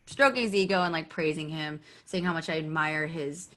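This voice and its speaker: A woman podcast guest telling a candid personal story, animated and acting out quoted dialogue, with frequent "like" fillers. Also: low-pitched, a little fast. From United States.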